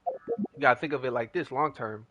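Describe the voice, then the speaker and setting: A man's voice: medium pitch, moderate pace, bright, forceful tone, muffled recording, a little hiss or hum. A young man chatting casually as a gaming streamer, telling a rambling story in slangy talk.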